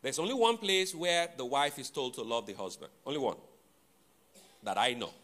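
A man preaching a sermon to his congregation, teaching deliberately, repeating and spelling out key words, with playful asides to the listeners. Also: mid-range voice, animated, a bit bright. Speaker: pastor.

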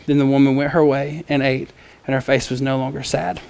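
A man's voice: mid-range voice, flat delivery, brisk, vocal fry, a little mellow. Guy preacher, easygoing and chatty, middle-range voice, reads scripture then riffs on it. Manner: casual, conversational, with frequent fillers and playful asides. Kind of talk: expository sermon.

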